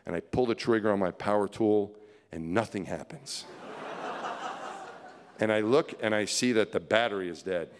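Middle-aged male keynote storyteller, low-pitched, animated and chuckling, in a big reverberant hall. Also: moderate pace, pauses often, noisy background. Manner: vivid storyteller, chuckling, swinging from hushed to excited. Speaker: keynote speaker. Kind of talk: storytelling speech to an audience.

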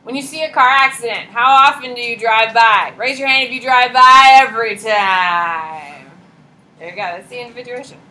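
A woman's voice: fairly high pitch, normal speed, poor audio. A woman in her thirties, a teacher giving a chatty classroom lecture and quizzing her students. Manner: lively, chatty, asks the class questions.

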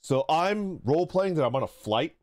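A man's voice: on the high side, expressive, moderate pace, no echo, clean studio sound. A young man chatting casually on a livestream, swearing freely and reading chat aloud. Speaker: streamer. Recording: background music.

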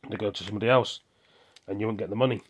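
A man's voice: lowish voice, fairly even intonation, racing, breathy edge. A man venting his frustrations in a rambling video monologue, often asking and answering his own questions. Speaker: vlogger.

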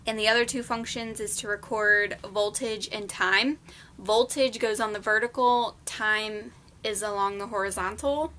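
A woman's voice: medium pitch, steady tone, measured pace, sharp tone, slight background noise. A young woman vlogging as a nursing student, recapping her class in a casual, chatty way with frequent ums. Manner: chatty, many ums, explains plainly. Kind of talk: casual study recap vlog.

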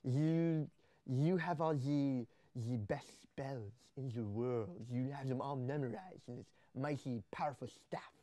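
Guy doing bossy teen game master kid, slurpy tongue-back talk, dark mellow voice. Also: mid-range voice, measured pace, no room sound, natural voice. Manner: slurping through teeth, tongue pulled back. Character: bossy teenage boy game master, self-important.

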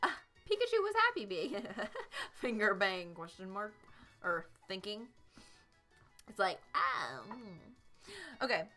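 A woman's voice: medium pitch, big pitch swings, slow pace, long pauses, bright, forceful tone, faint music behind. A young woman from South Carolina, chatting and giggling through a live game stream. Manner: bubbly, giggly, chatty with chat. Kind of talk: live gameplay commentary.

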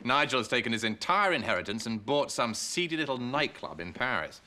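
A man's voice: mid-range voice, very animated, a little fast, pushed and bright. An actor playing a formal, fussy, wealthy father. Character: stiff, proper wealthy father.

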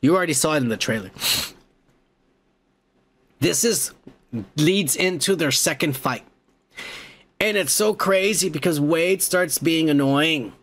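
A man hosting a podcast, excitedly recapping a movie in a casual, profane, rambling way. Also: a little high, measured pace, pauses often. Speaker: podcast host.

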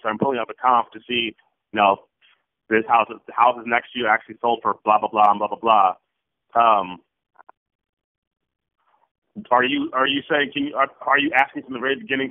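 A man asking a coach questions over a call, hesitant and fumbling, often answering with short agreements. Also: mid-range voice. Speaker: student investor. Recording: dry, tinny phone line.

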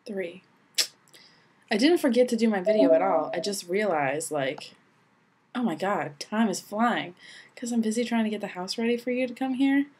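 A woman's voice: mid-range voice, animated, moderate pace, darkish tone, slight background noise, rough recording. A young woman recording a video diary at home at night, talking to her partner in a chatty, giggly and affectionate way. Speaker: vlogger.

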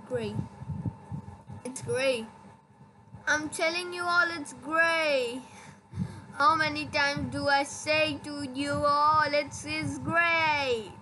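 A woman giving casual gameplay commentary, insistent and exasperated, repeating her point over and over. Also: sits high. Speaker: gaming video creator. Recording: noisy home recording.

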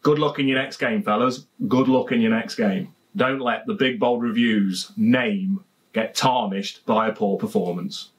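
Outdoors in his home garden, a man from England with a Leicestershire accent reviews a beer, chatting casually and joking while often repeating his phrases. His voice sits on the low side, and he speaks in an unhurried way.

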